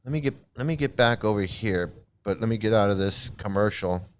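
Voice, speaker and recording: A man's voice: fairly low pitch, a little fast, slight background noise. A man hosting a live reaction commentary, talking in a rambling, repetitive way with many false starts. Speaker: channel host.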